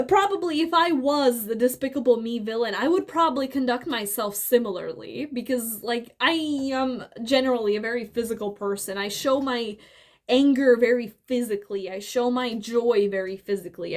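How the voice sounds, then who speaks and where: A young woman giving a casual, animated film critique, rambling with fillers and restarts and briefly acting out scenes. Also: on the high side. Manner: acts out scenes with quick voices. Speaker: video essayist. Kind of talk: casual opinion commentary.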